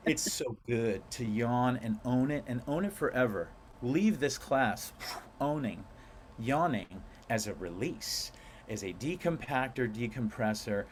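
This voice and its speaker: A man teaching a guided breathwork class in a playful, animated way, stretching out key words for emphasis. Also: medium pitch, unhurried, slight background noise. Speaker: breathwork instructor.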